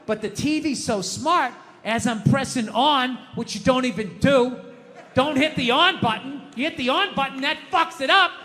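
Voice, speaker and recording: A man's voice: very high voice, normal speed, pushed and bright. A middle-aged man performing stand-up comedy, swearing a lot and acting out his own outbursts. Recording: reverberant hall, faint noise.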